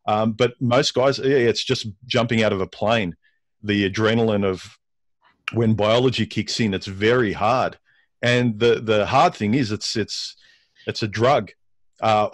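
A man's voice: fairly low pitch, no echo. A man as a guest in a casual discussion, often repeating words as he works out his thoughts. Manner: halting, repeats words while thinking.

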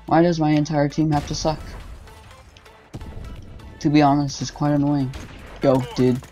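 A man's voice: a little high, flat delivery, a little slow, warm tone. A young man giving casual, swearing, frustrated commentary while he plays a shooter game as host of his gaming channel. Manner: frustrated, swearing, ranting at teammates. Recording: game music and gunfire behind.

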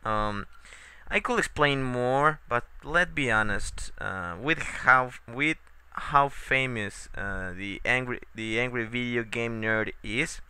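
A man commenting on his own gameplay in a rambling way, full of hesitant fillers and loud cursing at the game. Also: mid-range voice, slow pace, smooth, no room sound. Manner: rambling, swearing, yelling at the game. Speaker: let's play gamer. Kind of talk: profane let's play commentary.

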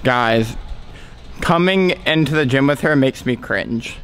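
A man's voice: medium pitch, animated, measured pace, crowd noise. A young man coaching his girlfriend through gymnastics tricks in a casual vlog, confident and teasing. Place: gym.

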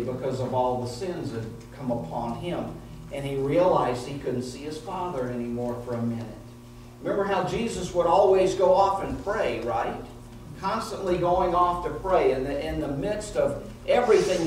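A man's voice: fairly high pitch, normal speed. A male pastor preaching an earnest, emotional sermon full of repeated phrases. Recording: echoey room heard from a distance with faint noise.

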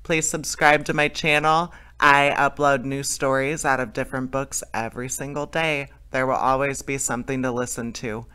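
A man's voice: mid-range voice, level tone, normal speed, few pauses, bright, forceful tone, clean tone. A man reading a fairy tale aloud as host of his story channel, friendly, with small slips he corrects.

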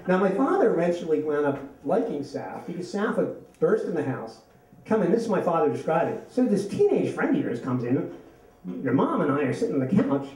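A man's voice: on the high side, very animated, brisk, dark tone. A man telling a personal story on stage at a live storytelling event, chatty and often laughing as he speaks. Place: event venue, from a distance. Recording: roomy and echoey from far off.

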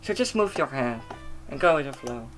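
A man's voice: medium pitch, lively intonation, normal speed, a bit bright, faint music behind, close to an everyday voice. A man voicing a confident, cheerful teenage girl who runs a club, reading game dialogue aloud with a lightly raised voice. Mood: friendly.

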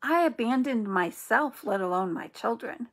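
Gravelly, husky woman giving gentle encouragement. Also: fairly high pitch, animated. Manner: gentle, earnest, slow and reassuring. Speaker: host of an inspirational channel. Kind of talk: encouraging spiritual talk.

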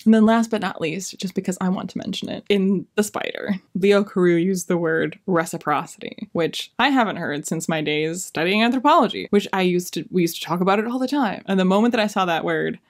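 A woman's voice: on the low side, fairly quick, few pauses. A young adult woman talking casually in a book review vlog, enthusiastic and gushing.

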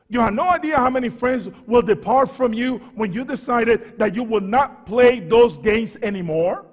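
Fervent preaching man, high voice. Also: slightly rough, in a large hall. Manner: fervent preaching, swings from quiet to shouting; stammers and repeats words. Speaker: pastor. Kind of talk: sermon.

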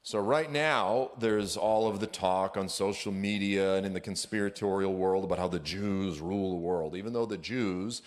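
A man with a low-pitched voice preaches as a guest speaker in a church. He talks in an energetic, conversational way, drifting into asides and casual slang. His delivery sounds unscripted. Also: moderate pace, few pauses. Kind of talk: sermon.

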